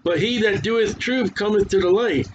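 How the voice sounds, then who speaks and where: A man's voice: sits high, normal speed, slight background noise. A man preaching a sermon and reading scripture aloud, talking casually and stumbling over hard names, his voice worn. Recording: dull lo-fi recording.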